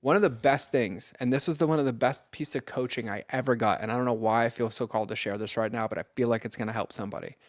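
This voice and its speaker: A man's voice: medium pitch, quick pace, few pauses, no room sound. Guy on a podcast, earnest and blunt, lots of "like", mid voice, dry close sound. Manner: earnest, direct, speaks straight to listeners; casual, peppered with "like" and mild swearing. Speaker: podcast guest, mentor. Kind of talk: casual podcast conversation.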